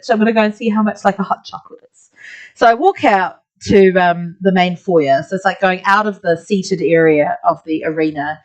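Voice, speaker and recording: A woman's voice: mid-range voice, brisk. A talkative woman with a New Zealand accent, teaching an art class as she tells a meandering story. She drifts from point to point, leaning on filler words and laughing at her own tangents. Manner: chatty, rambling, many "like" fillers. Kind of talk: casual storytelling while drawing.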